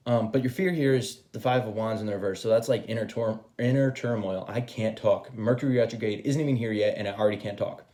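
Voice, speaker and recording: A man's voice: fairly low pitch, fairly quick, dark tone. Chatty man giving a tarot reading. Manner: chatty and rambling, swears freely, laughs at himself. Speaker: tarot reader.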